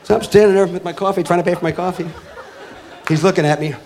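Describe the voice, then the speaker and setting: A middle-aged man doing a profane stand-up comedy routine on stage, ranting loudly and acting out the people in his stories. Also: sits high, steady tone, quick pace, slight background noise. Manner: loud, ranting, profane, acts out characters. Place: comedy stage before a live audience. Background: crowd laughing.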